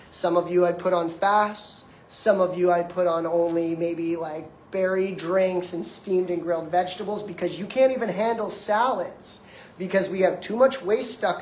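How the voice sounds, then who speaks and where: A man's voice: high voice, a little hiss or hum. A man in his twenties giving an emphatic, conversational motivational lecture, speaking directly to the audience in front of him. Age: 20s. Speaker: detox practitioner giving a lecture. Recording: echoey room.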